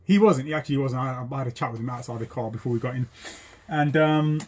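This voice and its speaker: A man, a driving instructor telling a story in a lively way, full of ums and acted-out voices. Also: medium pitch, quick pace, slight background noise. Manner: animated, acts out voices, many ums. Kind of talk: casual storytelling.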